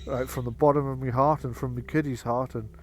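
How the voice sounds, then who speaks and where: A man voicing a grateful middle-aged train driver who speaks in a halting, heartfelt way. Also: medium pitch, steady tone, slight background noise, natural voice.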